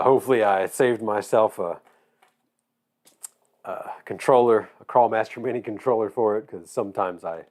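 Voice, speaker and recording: A man from Georgia with a Southern accent, his voice going hoarse, chatting casually and rambling while he builds a model. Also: mid-range voice. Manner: relaxed, rambling, drawling. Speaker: hobby shop owner.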